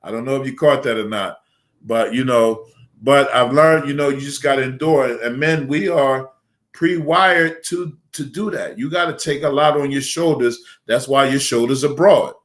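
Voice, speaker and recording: A man's voice: mid-range voice, normal speed. Folksy joking imam, man. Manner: joking, folksy, many fillers. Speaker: imam on a panel. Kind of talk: casual advice talk.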